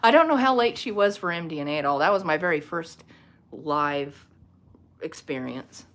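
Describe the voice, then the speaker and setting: Rambling low-voiced woman livestreaming. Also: expressive, normal speed. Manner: rambling, chatty, laughs often. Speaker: livestream host. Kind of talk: casual livestream chat with viewers. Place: home room lit by a small ring light. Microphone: phone.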